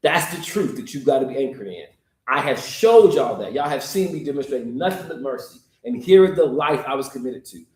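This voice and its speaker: Guy preaching to his church, talks right to the room, mid pitch, roomy echo. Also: animated, fairly quick, a little mellow. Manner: conversational preaching, addressing the room directly. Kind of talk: sermon. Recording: echoey room.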